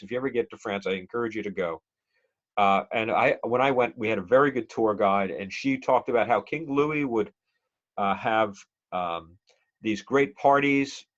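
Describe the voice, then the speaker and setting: A man's voice: on the low side, dull audio. A male instructor giving a conversational, digressive classroom lecture and quizzing the class with questions.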